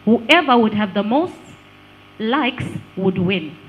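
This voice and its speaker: A woman giving a lively workshop talk on branding, asking the audience questions and laughing often. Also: medium pitch, takes it slowly, highs cut off. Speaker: speaker on digital branding.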